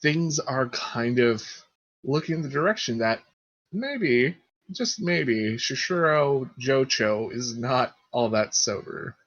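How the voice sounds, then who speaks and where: A man's voice: medium pitch, measured pace, fairly bright tone, no room sound, muffled recording. A man narrating a tabletop game as game master, hesitant and full of fillers. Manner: hesitant, many fillers and restarts.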